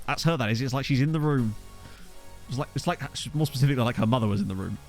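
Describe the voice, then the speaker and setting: A man's voice: medium pitch, fast talker, darkish tone, faint music behind. A young man chatting casually while streaming a game, joking about viewers' names and reading the chat. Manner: jokey, riffing on viewers' names.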